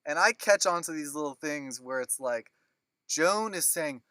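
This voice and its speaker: A man hosting a movie podcast, chatting casually with quick, jokey asides. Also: a little high, lively intonation, sharp tone, no echo. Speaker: podcast host. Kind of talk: casual chat.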